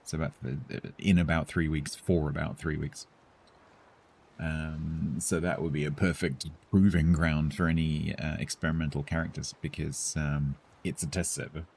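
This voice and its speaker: An English man with a Received Pronunciation accent tinged with London, chatting casually with his viewers as a streamer and pausing often on fillers. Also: a bass voice, flat delivery, vocal fry, darkish tone, husky. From England. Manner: chatty, hesitant, with many fillers and restarts.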